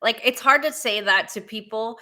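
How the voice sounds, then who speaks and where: Woman podcast host, clear bright tone, supportive casual chat. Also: fairly high pitch, moderate pace. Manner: supportive, laughs often.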